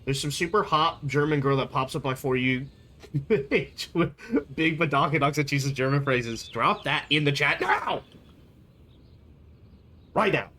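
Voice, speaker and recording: Slow, playful rambling streamer. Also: medium pitch, lively intonation, bright, forceful tone, a little hiss or hum. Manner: rambling, playful, jumps between topics. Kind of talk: casual live-stream chat.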